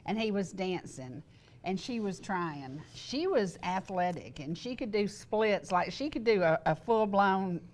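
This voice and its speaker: An older woman hosting a local TV talk show, chatty and quick to laugh, wheezy and congested. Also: mid-range voice, lively intonation, darkish tone, a little hiss or hum. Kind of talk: casual chat. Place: TV studio set.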